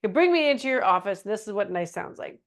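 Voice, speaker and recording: A middle-aged woman presenting a webinar in a casual, animated teaching style, slipping into meek voices for examples. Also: mid-range voice, quick pace. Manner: animated, acts out quoted phrases in a meek voice.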